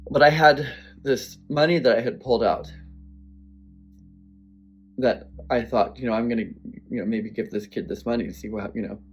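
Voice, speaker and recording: A man's voice: mid-range voice, fairly even intonation, moderate pace, pauses often, husky, lo-fi sound. A man telling a personal story to camera, earnest and emotional, speaking bluntly and swearing now and then. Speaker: vlogger.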